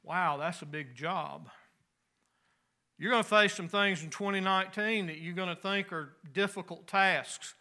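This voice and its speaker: A pastor preaching a sermon in a folksy, conversational way with homespun asides. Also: male voice, sits high, unhurried, pushed and bright.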